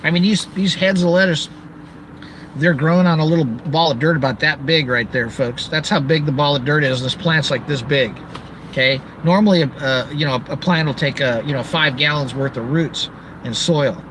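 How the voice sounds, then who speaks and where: High-voiced ranting man outdoors. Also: normal speed, background noise. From Southern California. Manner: animated, ranting, sarcastic asides with shouted outbursts. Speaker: channel host. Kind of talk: ranting monologue to camera.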